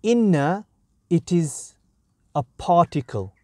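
Man, grammar teacher, slow measured delivery, short careful phrases, dry close sound. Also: on the high side, sing-song, dark tone, no echo. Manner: slow, deliberate, breaks sentences into short phrases. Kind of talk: explanatory grammar lesson.

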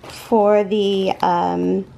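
A woman hosting a crochet channel, gushing and stammering with excitement as she opens packages from followers. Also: medium pitch, drawn-out words, vocal fry, slight background noise, low-quality recording. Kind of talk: excited unboxing vlog.

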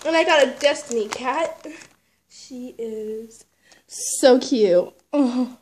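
A woman chatting excitedly while unboxing a toy haul, gushing and squealing, then dropping to hushed whispers. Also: sits high, slow, a little hiss or hum. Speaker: toy collector vlogger.

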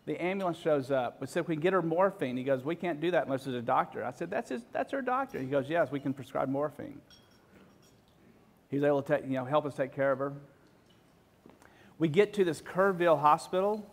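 A man in his forties telling a personal story in an emotional, halting way, full of restarts. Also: fairly high pitch.

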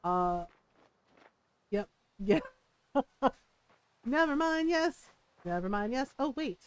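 A woman's voice: high voice, expressive, slow pace, clear, resonant tone. A woman streaming a game live, bubbly and giggly, rambling and joking at her own expense. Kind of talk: live gameplay commentary.

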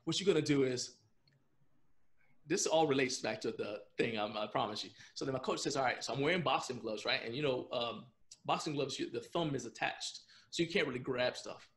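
Man, podcast guest, casual storytelling, animated, laughs a lot, rambling, mid-pitched. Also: a little fast. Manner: animated storyteller who laughs often while telling; loose, rambling with frequent restarts and fillers.

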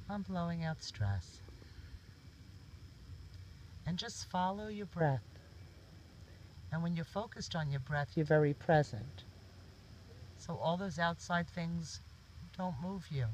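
A man leading a guided meditation, giving soft, gentle step-by-step instructions. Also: fairly high pitch, slight background noise, rough recording. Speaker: meditation teacher.

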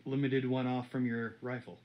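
A man's voice: mid-range voice, little pitch movement, normal speed, highs cut off. A man chiming in from off camera with dry, teasing remarks. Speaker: off-camera helper.

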